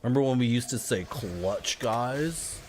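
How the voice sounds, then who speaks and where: A man's voice: mid-range voice, lively intonation, measured pace, noisy background. A man in his thirties giving casual, rambling commentary as he streams a game, chatting to his viewers and laughing often.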